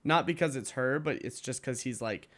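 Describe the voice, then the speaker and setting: A man's voice: mid-range voice, animated, normal speed, fairly bright tone. A man co-hosting a podcast in casual chat, talking loosely with lots of filler words. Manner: loose, rambling, heavy on "like". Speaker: podcast co-host.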